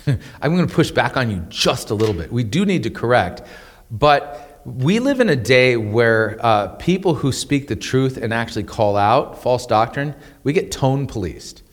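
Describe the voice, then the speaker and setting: A man teaching the Bible in a conversational, animated way, often stumbling over and repeating his words and chuckling as he explains. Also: mid-range voice, a little slow, big-room sound.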